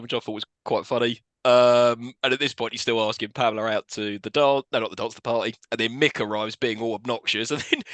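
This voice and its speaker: A man recapping a film as co-host of a casual podcast, animated and quick. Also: medium pitch, dry recording. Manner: animated, quick storytelling with frequent laughs.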